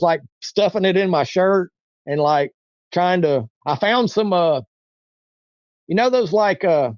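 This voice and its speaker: This man's high voice has a darkish tone, heard in a recording with no room sound and the highs cut off. As an interview guest, he tells a long personal story casually, rambling, repeating himself, and voicing the people he quotes.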